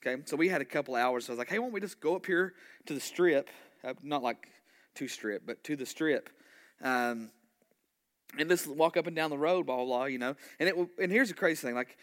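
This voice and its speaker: A man, a pastor telling a story in a sermon, animated and conversational, full of asides. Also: a little high, fairly quick.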